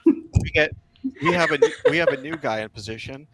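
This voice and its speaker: A man, a volunteer soldier, telling war stories in a blunt, profane, wryly dark-humored way on a casual stream. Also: fairly high pitch, huge pitch swings, normal speed, vocal fry. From United States. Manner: profane, blunt, heavy swearing. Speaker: guest, foreign volunteer soldier.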